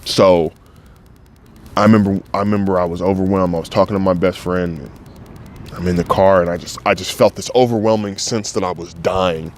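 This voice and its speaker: Frank, low-voiced former football player. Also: male voice, steady tone, a little fast, slight background noise. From United States. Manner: frank and emotional, swears freely, acts out quoted voices. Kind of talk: candid interview.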